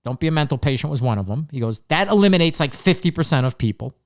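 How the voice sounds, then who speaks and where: Fast and animated, a fairly high-pitched male voice belongs to a podcast co-host in casual conversation. He rambles through lengthy stories, acting out whoever he's quoting.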